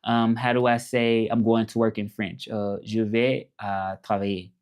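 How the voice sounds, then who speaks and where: A man from Memphis, hosting a casual live chat and repeating his phrases slowly as he thinks them over. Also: lowish voice, little pitch movement, darkish tone. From Memphis, Tennessee, USA. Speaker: livestream host.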